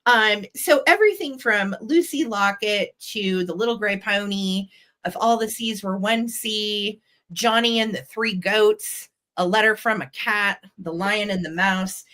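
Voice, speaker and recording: During a live online sales show, a vintage seller and host displays her items, talking in a chatty, excited manner full of ums. She speaks at medium pitch with a pushed, bright voice.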